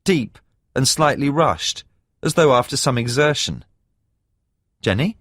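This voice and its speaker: A male audiobook narrator with a mid-pitched voice, reading a first-person thriller with measured, expressive delivery. His intonation rises and falls a great deal, and the close studio recording is completely dry. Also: no room sound. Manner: measured storytelling with expressive emphasis.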